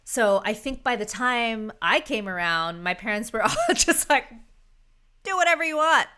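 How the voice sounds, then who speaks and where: Chatty thirties woman guest, bright smooth tone, emotional and laughing. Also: mid-range voice, expressive, moderate pace. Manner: emotional, laughs often while talking; chatty with many fillers. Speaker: podcast guest. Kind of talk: casual conversation.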